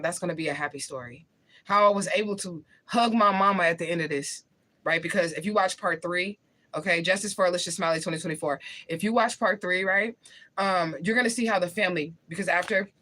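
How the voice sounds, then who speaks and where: Reading viewer comments in a casual live chat, a St. Louis, Missouri woman in her forties responds bluntly and in slang, laughing often. Her pitch is fairly low, with a bit of brightness to it.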